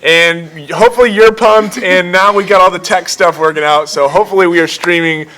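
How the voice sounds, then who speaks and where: Excitable young man teaching the Bible. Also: high-pitched, a little fast. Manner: excitable, jokey storytelling with voiced asides. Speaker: youth ministry host. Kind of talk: casual livestream Bible teaching.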